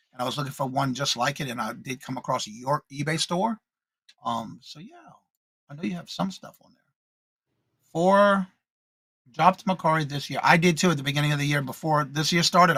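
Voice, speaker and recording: A man's voice: fairly high pitch, pushed and bright, husky, no echo. Upbeat man greeting live-stream viewers. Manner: greets viewers by name with a set welcome. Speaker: co-host of a morning live stream. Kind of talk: casual live-stream chat, reading viewer comments.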